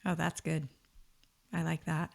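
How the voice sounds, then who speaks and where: A woman's voice: deep voice, level tone, unhurried, vocal fry. A woman co-hosting a podcast, reflecting thoughtfully aloud and offering encouraging affirmations. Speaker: podcast co-host. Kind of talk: conversational interview.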